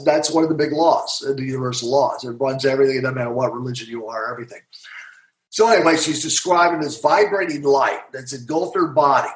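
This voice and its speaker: A man, a guest author and hypnotherapist, recounting a client's session in an interview and voicing both sides of the exchange. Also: mid-range voice. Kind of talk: storytelling in a podcast interview. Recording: roomy echo.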